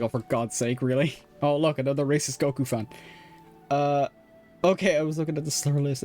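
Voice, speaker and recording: A young man with an Irish accent and a medium-pitched, somewhat mellow voice talks casually as he streams a game. He wanders through his thoughts with frequent fillers and restarts, laughing often.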